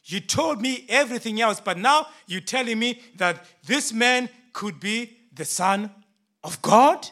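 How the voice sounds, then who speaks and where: A frustrated, defensive Roman governor, put on by a preacher in a dramatic first-person sermon. The voice sits high and bright and moves at a measured, slow pace. The delivery is theatrical and swells into loud, indignant outbursts. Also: male voice, animated, heavily acted. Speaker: preacher in character.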